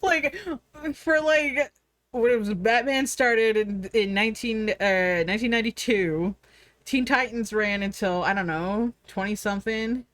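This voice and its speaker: A woman streamer chatting casually, full of fillers and "like", acting out her own thoughts in lively quoted asides. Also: on the high side, unhurried, no echo. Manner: frequent fillers and "like". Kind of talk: casual rambling chat.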